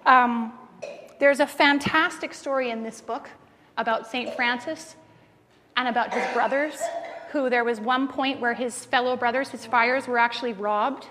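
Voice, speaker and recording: A woman's voice: a little high, a little slow. A woman in her thirties preaching a sermon, telling family stories and acting out what people said. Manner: animated storyteller acting out family quotes. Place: church sanctuary. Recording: reverberant church hall, faint room noise.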